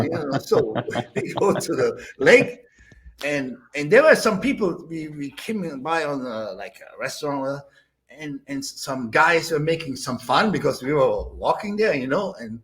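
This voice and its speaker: Older German-accented man telling animated stories. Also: fairly high pitch, moderate pace. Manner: acts out quotes with loud shouts and laughs. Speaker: interview guest, bodybuilder. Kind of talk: animated storytelling.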